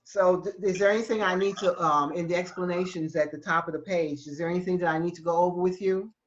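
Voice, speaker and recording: A woman teaching Spanish in an online class, explaining patiently with halting restarts over a video call. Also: on the low side, steady tone, muffled recording.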